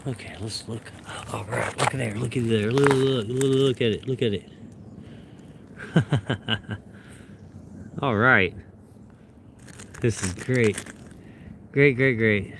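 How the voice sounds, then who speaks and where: An excitable man narrating his own search outdoors, speaking casually to viewers. He mutters as he looks, then bursts into loud, happy exclamations. His voice sits at an ordinary middle pitch, with faint outdoor ambience behind it. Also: takes it slowly, gravelly, long pauses, a little hiss or hum. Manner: excitable, bursts into glee over finds, talks to viewers. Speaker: vlogger hunting fossils. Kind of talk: casual talk to camera while searching. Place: outdoors on a hillside trough.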